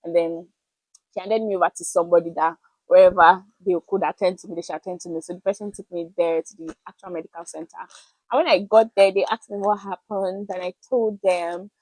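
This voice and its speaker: A young woman vlogger with a Nigerian accent tells a personal story to the camera, chatty and animated, mixing in pidgin words. Her voice is on the low side and brisk, with no echo but rough recording quality.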